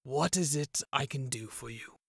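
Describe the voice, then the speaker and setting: A man voicing a noble, towering knight with a gravelly voice and slow, formal speech. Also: medium pitch, a bit bright, no room sound, clean studio sound, natural voice. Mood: stern.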